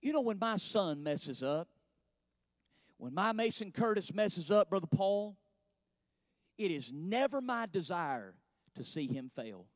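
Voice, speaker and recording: A man's voice: sits high, sing-song, a little slow, long pauses, dry recording, studio quality. A man, preaching a sermon in a church with folksy storytelling that rises to fervent passages.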